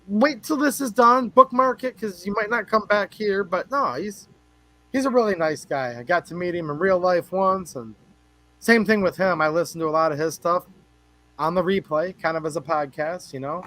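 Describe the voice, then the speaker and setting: A man hosts a relaxed livestream, rambling and joking as he greets viewers by name. His voice sits a little high for a man. The sound is dry and close, with no room echo. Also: normal speed. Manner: chatty, rambling, jokes with chat. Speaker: livestream host.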